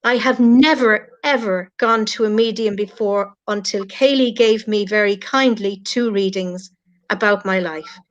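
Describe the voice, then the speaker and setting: A woman's voice: mid-range voice, measured pace. A middle-aged woman with an Irish accent, speaking earnestly and from the heart as a guest on a live stream. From Ireland. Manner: earnest, heartfelt, addresses critics directly. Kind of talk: emotional live-stream chat. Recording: lo-fi online stream audio.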